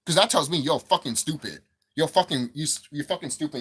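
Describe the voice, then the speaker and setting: A man's voice: fairly high pitch, brisk, fairly bright tone, breathy edge. A man delivering a profane, heated rant about video game prices, repeating himself as he builds up steam. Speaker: gaming commentator. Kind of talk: angry gaming rant.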